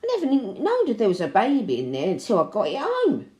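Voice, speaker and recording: A woman's voice: medium pitch, huge pitch swings, fast talker, a little mellow. A woman voicing a cheerful male burglar who is caring for a baby, in a chatty, matter-of-fact storybook voice. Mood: plain. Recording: roomy echo.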